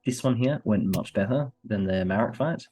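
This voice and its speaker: Husky low man with a sore throat. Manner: quiet, measured, speaks close to the mic. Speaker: co-host and player. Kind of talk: casual livestream chat.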